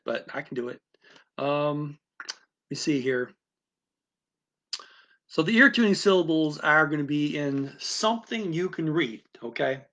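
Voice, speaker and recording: A man's voice: on the high side, fairly bright tone, lo-fi sound. A man teaching a language-learning method, explaining it in an unscripted, rambling talk full of restarts and asides.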